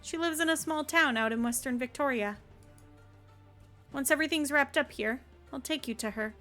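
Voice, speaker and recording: A blunt, upbeat young fighter woman who teases without softening a word, as a woman reads her lines aloud. Her voice sits a bit high for a woman. Faint game music plays underneath. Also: moderate pace. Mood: teasing.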